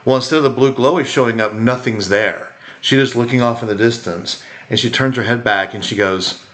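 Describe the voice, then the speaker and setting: A man with a medium-pitched voice talks a little fast while co-hosting a podcast. The chat is casual, and he rambles, animated, acting out quotes as he goes.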